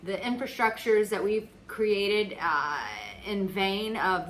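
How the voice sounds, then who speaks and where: A woman's voice: medium pitch, slow pace, hardly any pauses, rough recording. A woman from the United States, a dating coach, talking casually and emphatically to her audience, swearing freely and filling her speech with "like.". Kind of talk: casual talk to camera.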